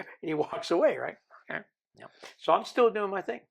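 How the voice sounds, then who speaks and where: An older man, a podcast guest, tells his own story in a lively way and acts out the people he quotes. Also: high voice, fairly quick, creaky. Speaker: interview guest.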